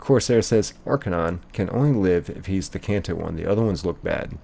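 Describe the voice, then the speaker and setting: A man's voice: sits low, brisk, vocal fry, mellow, slightly rough. A young man, live-streaming a game and playfully reading viewer chat aloud, laughing often.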